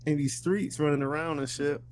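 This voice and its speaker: A man's voice: on the high side, fairly even intonation, brisk, a little hiss or hum. A young man co-hosting a podcast, laid-back and slangy, often hesitating as he talks. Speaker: podcast co-host. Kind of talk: casual chat.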